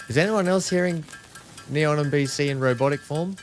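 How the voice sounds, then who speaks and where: With faint music behind him, this Australian streamer talks at normal speed in a slightly high voice. He hosts the multiplayer session in a casual way, firing questions at his teammates and laughing readily.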